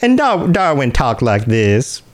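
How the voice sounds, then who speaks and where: A man co-hosting a casual gaming podcast, talking in a relaxed, rambling way with plenty of fillers. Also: medium pitch, measured pace. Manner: laid-back, chatty storyteller with lots of fillers. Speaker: podcast co-host. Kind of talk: casual chat.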